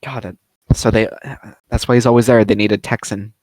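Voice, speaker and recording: A man's voice: on the low side, steady tone, brisk, a little mellow, dry recording. A young man co-hosting a podcast, chatting casually, rambling and swearing a lot. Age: young adult. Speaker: podcast co-host. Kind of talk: casual chat.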